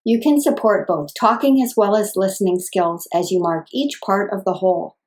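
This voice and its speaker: A woman speech-language pathologist explains a home technique to parents. Her delivery is calm, clear and evenly paced, in a middle-pitched voice, like scripted teaching. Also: normal speed.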